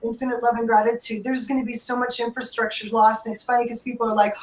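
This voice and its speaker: A woman's voice: fairly high pitch, fairly quick, hardly any pauses, fairly bright tone. A woman hosting a live call-in radio show, talking in an emotional, rambling way and swearing freely. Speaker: psychic radio host. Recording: echoey room, distant mic.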